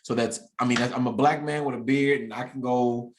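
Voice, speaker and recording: A man's voice: medium pitch, steady tone, brisk, echoey room, slight background noise, poor audio. A man in his thirties hosting a casual conversation, talking candidly and reflectively and often restarting his sentences. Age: 30s. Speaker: podcast host.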